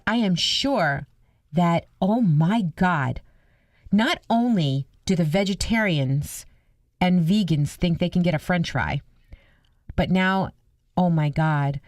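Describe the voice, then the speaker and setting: A woman's voice: on the low side, expressive, slow, no room sound. A middle-aged woman co-hosting a radio talk show, chatting casually, exclaiming often and telling stories.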